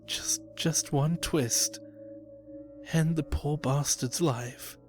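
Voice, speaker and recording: A man's voice: on the high side, very slow, soft background music, voice pushed up. A man voicing a frightened, unhinged young man who stammers and pleads, in a creepypasta reading. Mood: pleading. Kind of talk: creepypasta narration.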